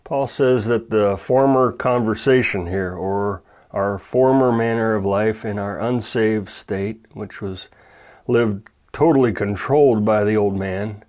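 Pastor guy preaching a bible study, lowish voice, slow and earnest. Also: darkish tone. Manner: measured, earnest preaching with stressed words. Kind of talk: radio Bible teaching.

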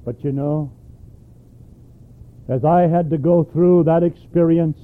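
Man preaching a sermon, kinda high voice, keeps asking the crowd stuff, sounds like an old phone-thin tape. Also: unhurried, long pauses, narrow, tinny audio. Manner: emphatic, asks the congregation questions.

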